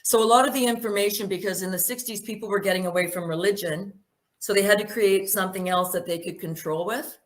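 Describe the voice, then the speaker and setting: A woman's voice: mid-range voice, fast. A woman giving a spoken presentation, emphatic and full of rhetorical questions.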